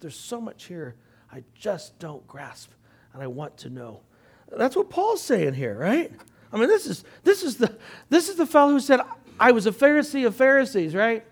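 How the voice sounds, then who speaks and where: An older man teaching a Bible class in a conversational way, clearing his throat often and turning to the class with asides. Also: sits high.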